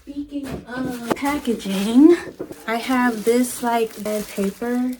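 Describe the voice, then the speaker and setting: A young woman chatting casually to her phone camera as a vlogger, self-teasing and sometimes dropping to a hush. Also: a little high, steady tone, slow pace, noisy background. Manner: chatty and self-teasing, drifting to hushed tones. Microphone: phone front camera.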